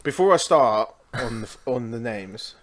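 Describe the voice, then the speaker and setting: A man with a British accent co-hosting a podcast, chatting in a relaxed, offhand way with casual swearing. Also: medium pitch, unhurried. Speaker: podcast co-host. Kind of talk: casual chat.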